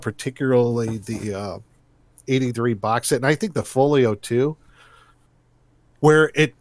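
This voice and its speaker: A man co-hosts a podcast in easy, casual chat. His talk rambles and restarts, with a mid-range voice. The sound is dry and close, with no room echo. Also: mid-range voice. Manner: rambling, restarts often, laughs easily. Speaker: podcast co-host. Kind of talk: casual chat about tabletop games.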